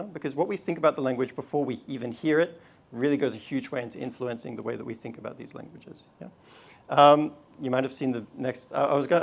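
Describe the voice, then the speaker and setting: A man giving a lively talk at a university event, stirring the audience to chant along with him. His voice is gravelly and his delivery casual, full of fillers and quick asides. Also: medium pitch. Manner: energetic, leads audience in call and response, casual fillers. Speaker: research slam presenter. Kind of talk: live public talk leading audience chants.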